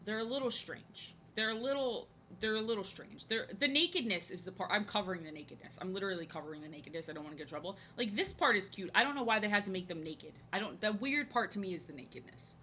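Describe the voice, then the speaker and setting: Young woman from new jersey, bright sharp voice, rambly chatty livestream drawing talk, kinda crude. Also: mid-range voice, animated, fast, hardly any pauses, a little hiss or hum. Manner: rambling and chatty, with many fillers and restarts; frank and playfully crude. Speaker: streamer and artist. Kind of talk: casual chat while drawing on stream.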